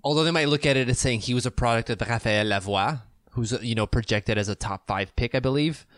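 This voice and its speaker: A man from Canada co-hosting a podcast over a video call, talking casually and excitably, often restarting sentences and jumping up in pitch when he makes a point. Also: fairly quick, dry recording, studio quality. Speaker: podcast co-host. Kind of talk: casual sports talk. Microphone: remote video call.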